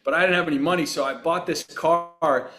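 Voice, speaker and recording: A man in his sixties from Long Island, a guest on a podcast, telling relaxed, rambling anecdotes with plenty of fillers. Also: fairly high pitch, brisk. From Long Island, New York. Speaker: guest actor. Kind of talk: relaxed storytelling in a podcast interview.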